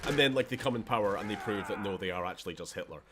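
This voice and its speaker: A man's voice: fairly low pitch, animated, very fast, noisy background. A Scottish man hosting a gaming channel, chatting wryly and often laughing during a let's play. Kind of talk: let's play commentary chat.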